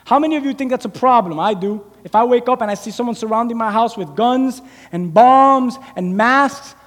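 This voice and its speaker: A man's voice: extremely high pitch, normal speed, fairly bright tone. A man preaching a sermon, animatedly acting out the scripture story as he tells it. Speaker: pastor. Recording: long reverb of a large hall.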